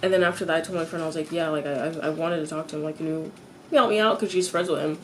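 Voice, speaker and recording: A teenage girl venting in a confessional vlog. She stops and restarts her sentences, repeats herself, swears freely, and her voice jumps high when she gets exasperated. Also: racing, a little hiss or hum. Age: teens.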